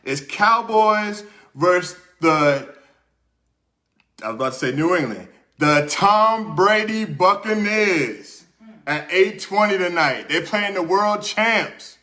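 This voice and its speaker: Bright-voiced chatty male host. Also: sits high, expressive, slow pace. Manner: chatty, repeats words, talks to viewers directly. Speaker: podcast host. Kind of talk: casual storytelling and sports picks. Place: small room under hot studio lights.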